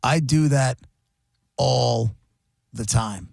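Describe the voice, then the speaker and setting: A man's voice: medium pitch, very slow, vocal fry, no room sound, clean studio sound. A radio host chatting casually on air, acting out other people's lines as he tells stories. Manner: animated storyteller, acts out quotes. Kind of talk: casual radio show banter.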